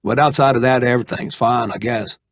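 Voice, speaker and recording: A man playing a laid-back middle-aged Arkansas man, talking in an easygoing, calming drawl. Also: mid-range voice, a little fast, natural voice.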